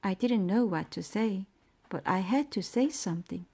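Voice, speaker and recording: A woman narrating a bedtime story in a clear, storytelling manner. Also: medium pitch, expressive, moderate pace, a little mellow.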